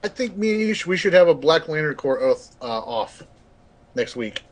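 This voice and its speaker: A man's voice: a little high, sing-song, normal speed, slight background noise. A man co-hosting a podcast in casual, teasing chat. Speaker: podcast co-host.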